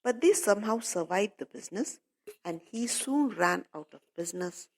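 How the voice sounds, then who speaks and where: A woman's voice: mid-range voice, lively intonation, normal speed. A woman teacher explaining a lesson to children, addressing them directly and repeating points.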